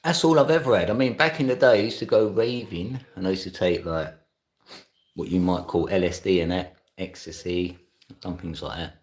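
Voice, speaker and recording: A middle-aged man with a low-pitched voice speaks at a moderate pace on a casual live stream. Reading and answering his chat, he chats easily and laughs often.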